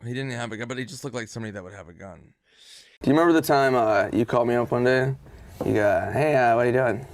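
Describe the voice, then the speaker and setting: A man's voice: mid-range voice, quick pace. A middle-aged man, a guest comedian, telling casual profane anecdotes and acting out other people's lines with a rising voice.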